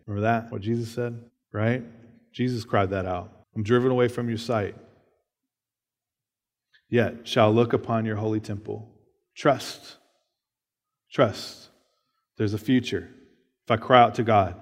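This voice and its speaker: A man's voice: lowish voice, steady tone, a little slow, pauses often, in a large hall. A man preaching a sermon, reading scripture aloud and explaining it in a casual way, often checking in with "right?". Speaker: pastor.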